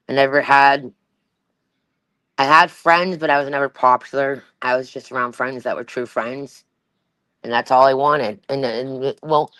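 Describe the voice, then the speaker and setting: Hosting a livestream, this woman rambles through casual chat with plenty of fillers, restarts, and a Valley Girl-like delivery. Her pitch sits extremely low, her tone is a bit bright, and there's no echo.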